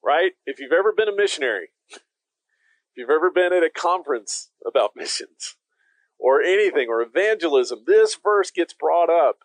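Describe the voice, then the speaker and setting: A man's voice: on the high side, expressive, normal speed, no room sound, low-quality recording. A man preaching a conversational sermon as pastor, emphatic and speaking directly to his listeners.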